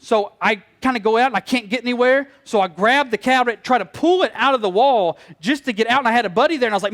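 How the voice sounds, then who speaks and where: High-pitched animated pastor. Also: male voice, fast, few pauses. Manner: storytelling, animated, acts out quoted voices. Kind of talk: sermon.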